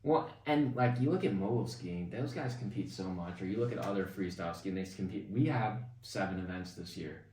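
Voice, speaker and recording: Man, podcast host, casual chatty talk, low voice, roomy sound, mic at a distance. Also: a little fast, hardly any pauses, a little mellow. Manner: laid-back, chatty, lots of fillers. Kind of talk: casual chat.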